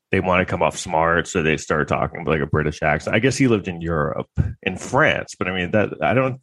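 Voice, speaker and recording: A man's voice: deep voice, a bit bright, no room sound. A man delivering a rambling, crude, sarcastic comedic monologue.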